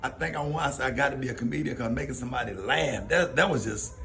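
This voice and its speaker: A man's voice: medium pitch, fast talker, creaky, sharp tone, a little hiss or hum. A man hosting a radio show, telling personal stories in a casual way and laughing often. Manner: laughs often, tells stories with quoted voices. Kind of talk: casual storytelling on air.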